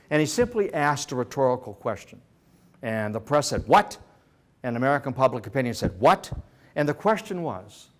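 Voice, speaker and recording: A man giving a history lecture to a senior center audience, telling stories in an animated way with joking asides and frequent restarts. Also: medium pitch.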